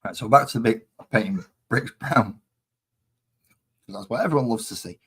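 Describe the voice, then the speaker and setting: A man's voice: on the low side, normal speed, breathy edge. A man casually chatting on a live stream while painting models, rambling and easily distracted.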